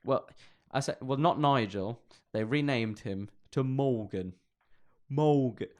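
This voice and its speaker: In a mid-range voice at a measured pace, a podcast co-host reads internet stories out loud for laughs. It's a loose comedy chat, full of jokes and plenty of profanity.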